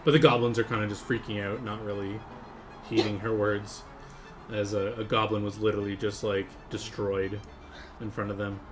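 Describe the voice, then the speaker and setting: A man narrating as game master of a tabletop game stream, relaxed, laughing often, with plenty of fillers. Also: lowish voice, moderate pace, faint music behind.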